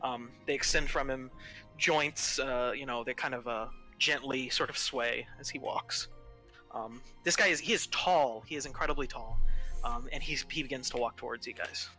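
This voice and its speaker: Guy running a tabletop game, lots of ums, super bright voice. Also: mid-range voice, moderate pace, soft background music, poor audio. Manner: hesitant, many fillers. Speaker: game master.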